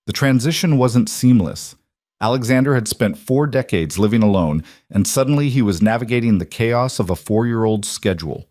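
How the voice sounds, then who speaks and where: A man narrating a romance story in an even, measured way. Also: mid-range voice, no room sound, studio quality.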